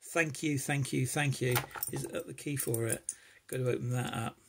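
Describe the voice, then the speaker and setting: A man's voice: medium pitch, moderate pace, gravelly, noisy background. A man chatting enthusiastically as he opens packages for his lockpicking vlog, rambling and thankful. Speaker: lockpicking hobbyist vlogger. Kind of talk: casual unboxing chat.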